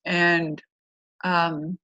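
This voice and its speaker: A middle-aged woman hosts a podcast, telling a personal story in a chatty, rambling way and often correcting herself. Her voice is fairly low with little pitch movement, drawn-out words, and a sharp tone. The recording is dry, dull, and lo-fi.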